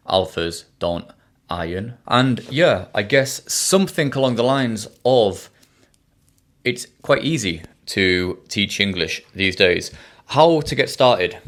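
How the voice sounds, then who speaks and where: Sarcastic, joking man with a lowish voice. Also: a bit bright. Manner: jokey, self-mocking and sarcastic. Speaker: online English teacher and vlogger. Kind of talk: casual talking-head vlog.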